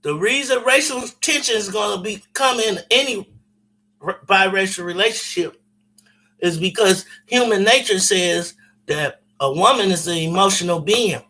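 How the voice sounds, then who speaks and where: A man telling a story in casual chat, animated and profane, with lots of repetition. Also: sits high, normal speed, low-quality recording.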